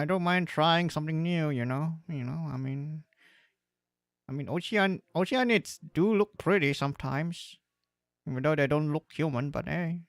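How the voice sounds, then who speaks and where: A man's voice: on the high side, no room sound. A man with a Southeast Asian English accent casually joking and rambling with fillers while streaming a game.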